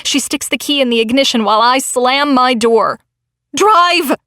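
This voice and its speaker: A woman's voice: high-pitched, brisk, fairly bright tone, no room sound, clean studio sound. A woman narrating a novel in the first person with dramatic, tense storytelling. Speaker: audiobook narrator.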